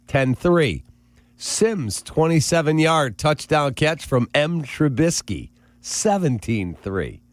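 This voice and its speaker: A man's voice: medium pitch, dry recording. A man co-hosting a sports radio show, rattling off game stats and scores in casual banter.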